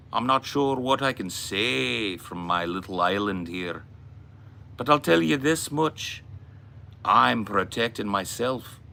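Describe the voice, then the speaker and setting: A man's voice: medium pitch, vocal fry, sharp tone, voice pushed up, exaggerated voice. A man putting on a hammy stage Irishman. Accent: put-on stage Irish. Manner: jaunty, old-fashioned phrasing. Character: hammy stage Irishman on his little island.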